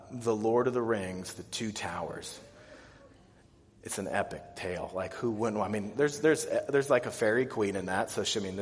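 A man in his thirties preaching a sermon, telling stories in an animated way and acting out scared, panicked voices with big jumps in pitch and loudness. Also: big-room sound. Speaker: pastor.

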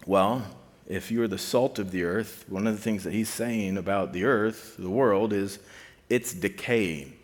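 A man's voice: fairly low pitch, measured pace, big-room sound. A man giving a conversational sermon to a student ministry, casual and full of fillers, repeating key points for emphasis.

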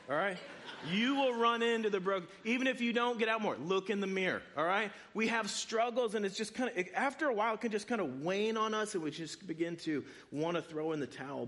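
Man, pastor, conversational sermon, lively delivery, slightly higher pitch. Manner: conversational, animated preaching with asides to the congregation.

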